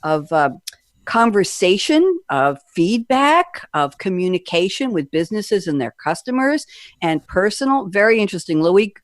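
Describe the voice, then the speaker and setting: A radio host steers a panel discussion in a chatty, joking way and wanders into rambling asides. The voice sits at a middle pitch. It is recorded close on a dry studio mic with no room sound. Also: big pitch swings, moderate pace, dry recording. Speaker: radio talk-show host. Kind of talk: conversational radio hosting.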